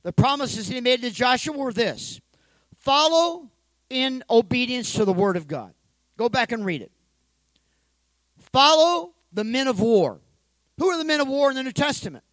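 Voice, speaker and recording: A male pastor preaching an energetic sermon, calling for responses from the congregation and joking in between. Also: very high-pitched, normal speed, long pauses, no echo, poor audio. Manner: joking asides.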